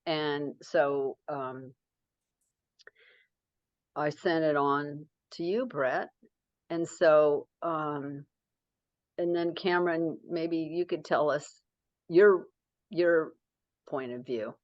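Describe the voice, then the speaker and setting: A woman's voice: sits low, extremely slow, long pauses, no room sound, dull audio. A middle-aged woman author talking casually in an interview, rambling with many fillers and restarts.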